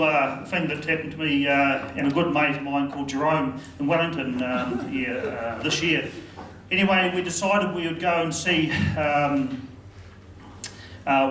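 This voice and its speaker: Kiwi bloke rambling through a stand-up story, highish voice, echoey club, sounds a bit far from the mic. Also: male voice, a bit bright, slight background noise. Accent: New Zealand. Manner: rambling, lots of fillers and asides. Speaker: stand-up comedian. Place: comedy club stage.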